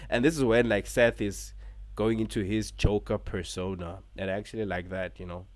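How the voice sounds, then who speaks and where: A man giving a casual, unscripted wrestling show review, excited, swearing and using lots of filler words. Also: fairly low pitch, normal speed, no echo.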